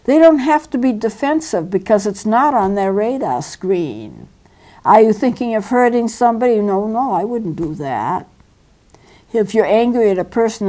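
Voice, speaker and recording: Calm, mellow-voiced woman counselor. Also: mid-range voice. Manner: calm, explanatory, acts out example dialogue. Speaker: counselor and show host. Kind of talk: talk show advice monologue.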